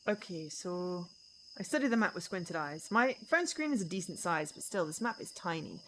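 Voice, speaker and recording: A young adult woman streaming a visual novel, reading the story aloud in an expressive, dramatic first-person voice. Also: fairly low pitch, moderate pace, slight background noise, rough recording.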